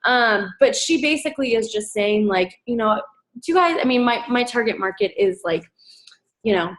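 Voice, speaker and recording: A woman coaching her team in a casual presentation, chatty and upbeat with many fillers, jumping into a high excited voice when she quotes people. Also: normal speed. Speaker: team coach sharing recruiting tips.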